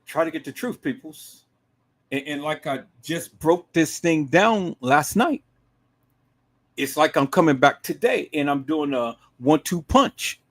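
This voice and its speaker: A man hosting a live stream, giving emphatic commentary to his viewers, dropping to low murmurs and rising to shouted outbursts. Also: animated, measured pace. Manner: emphatic, repeatedly addresses viewers as "peoples".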